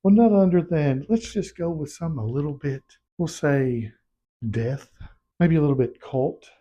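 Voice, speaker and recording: Male book vlogger, husky, mellow dark tone, animated storyteller, slightly dull lo-fi audio. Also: on the high side, moderate pace. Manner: animated storytelling, acts out scenes. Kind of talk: casual book review chat.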